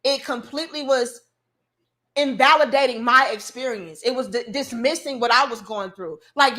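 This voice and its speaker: Emphatic bright-voiced woman preaching. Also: high voice, moderate pace. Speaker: commentary show host. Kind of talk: casual opinion monologue.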